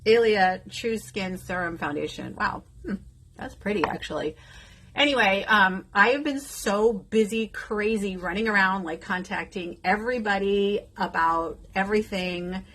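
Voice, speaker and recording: In an unhurried, mid-range voice that's a bit bright, a woman in her fifties talks casually to her viewers as she does her makeup, with slight background noise behind her. The beauty content creator is emotional and outspoken, even outrageous, and speaks to her audience directly.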